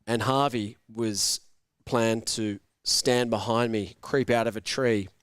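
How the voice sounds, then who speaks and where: A young man hosting a live sports watch-along, telling a prank story with lots of swearing and shouted voices for the people in it. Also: on the low side, slow pace, smooth, no echo, clean studio sound. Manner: animated, swearing, shouts out voices in his stories. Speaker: host.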